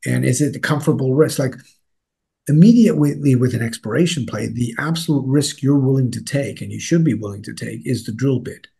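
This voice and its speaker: In a casual interview, a man speaking as a newsletter editor rambles along with plenty of fillers and restarts. His mid-range voice is brisk, creaky and mellow, with a slightly rough edge.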